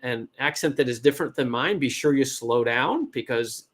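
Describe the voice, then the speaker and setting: A man's voice: medium pitch, normal speed. Chatty American man giving feedback. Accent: West Coast American. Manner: chatty, encouraging, self-interrupting. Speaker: startup advisor and event host. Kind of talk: casual pitch feedback.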